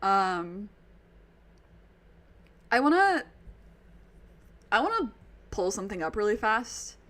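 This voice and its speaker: This woman's voice sits in the mid range, a bit bright and sing-song, and she takes her time. She's a fan streaming a game, emotionally gushing over the plot with plenty of ums, side comments, and dialogue read aloud.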